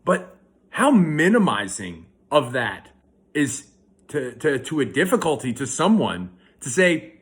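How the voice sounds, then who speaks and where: Chatty dad rambling in a park. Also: male voice, on the high side, sing-song, measured pace. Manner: chatty, rambling, self-correcting. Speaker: vlogger. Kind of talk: casual storytelling monologue. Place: park, outdoors.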